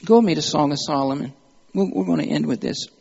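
A male preacher delivers a sermon in church, his slightly high voice gravelly and husky. He tells stories calmly and builds to fervent appeals. The recording is dull and lo-fi. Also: fast talker, long reverb tail. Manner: builds from calm storytelling to impassioned, climbing exhortation.

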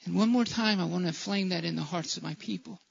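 A man's voice: high voice, fast, vocal fry. A man preaching a sermon in a church, impassioned, often stumbling and restarting his phrases. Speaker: pastor. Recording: dull lo-fi church recording.

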